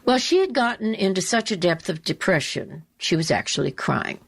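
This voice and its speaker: A woman talk show host telling a story in a slow, deliberate, emphatic way, repeating her key phrases. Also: on the low side, expressive, gravelly, husky. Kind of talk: storytelling monologue.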